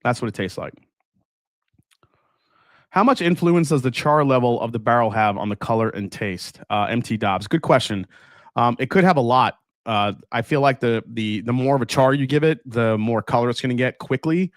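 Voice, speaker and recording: A man's voice: mid-range voice, normal speed, no echo, studio quality. Chatty man hosting a live tasting. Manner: relaxed, chatty, many fillers and restarts. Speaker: livestream host tasting whiskey. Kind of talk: casual live chat reading viewer comments.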